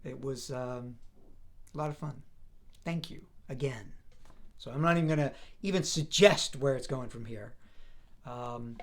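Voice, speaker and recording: A man's voice: mid-range voice, a little slow, pauses often. A man in his fifties from the US East Coast, a voice actor chatting casually as a guest over a remote call. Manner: relaxed, rambling, self-deprecating. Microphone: video call.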